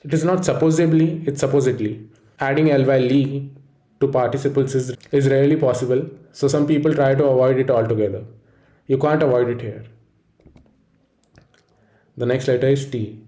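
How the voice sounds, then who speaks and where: A man's voice: mid-range voice, steady tone, moderate pace, long pauses, dark tone, echoey room. Man narrating a pronunciation lesson. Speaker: pronunciation teacher. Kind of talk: scripted instructional narration.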